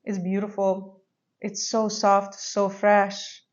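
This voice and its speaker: A woman's voice: medium pitch, monotone, takes it slowly, muffled recording. A woman vlogger talking casually and dreamily about perfumes, with frequent fillers. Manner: soft, dreamy and descriptive, with many fillers. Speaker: fragrance vlogger. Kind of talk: casual fragrance review talk.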